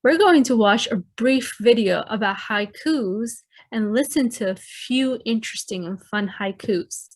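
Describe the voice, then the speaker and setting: A woman teacher giving a recorded lesson to children, explaining clearly and addressing them directly. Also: a little high, unhurried, hardly any pauses.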